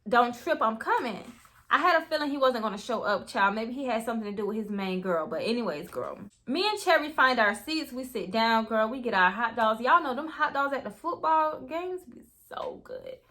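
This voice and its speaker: A young woman telling a story in a casual, animated way. She swears freely and keeps talking straight to her viewers. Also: on the high side, brisk, few pauses. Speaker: storytime vlogger.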